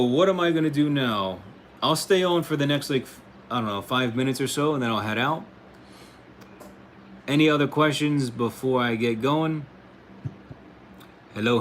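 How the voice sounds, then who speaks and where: A man's voice: mid-range voice, a little slow, pauses often, slight background noise. An American man hosting a casual livestream, reading out chat comments in a laid-back way, laughing often and calling people "bro" and "dude". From United States. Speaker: livestream host answering chat.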